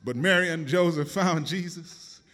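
A man's voice: fairly high pitch, normal speed, fairly bright tone. A man preaching a sermon, dramatic and emphatic, calling out questions to his congregation. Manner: dramatic, call-and-response, emphatic.

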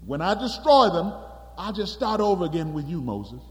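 A man's voice: high voice, very animated, a little slow. A man voicing God as an exasperated, angry deity, speaking with emphatic force. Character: God, upset and angry with his people. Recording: long hall reverb.

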